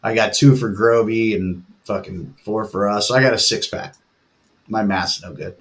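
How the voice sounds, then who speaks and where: A man's voice: lowish voice, moderate pace, fairly bright tone. A middle-aged man, host and band musician, in rambling, profane casual chat with lots of filler and laughter.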